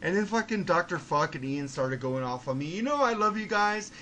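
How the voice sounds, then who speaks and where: A man hosting a podcast, swearing constantly and ranting with excitable energy. His voice sits a bit high for a man, and there is a faint noise under the recording. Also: brisk. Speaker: podcast host. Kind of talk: casual podcast chat.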